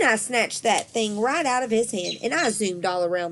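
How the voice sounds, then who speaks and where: A woman reading a children's storybook aloud, lively and expressive. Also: fairly high pitch, normal speed, hardly any pauses, slight background noise.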